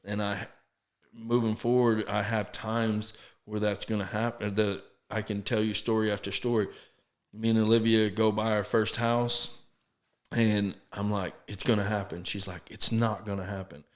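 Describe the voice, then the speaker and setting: A man, a podcast guest telling his story in an earnest, halting way, often restarting and acting out quotes. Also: on the low side, level tone. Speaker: podcast guest, sober living founder. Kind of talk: casual storytelling interview.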